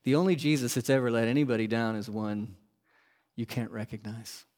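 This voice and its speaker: A man preaching a sermon as a pastor, asking the congregation questions and moving between loud emphasis and hushed, quiet lines. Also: medium pitch, brisk.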